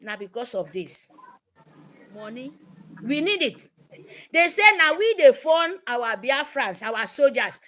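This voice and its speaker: A woman's voice: high voice, sing-song, slow pace, long pauses, fairly bright tone. A woman with a Nigerian accent, giving an impassioned, repetitive address to her supporters. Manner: fervent, emphatic, repetitive. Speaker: activist speaker.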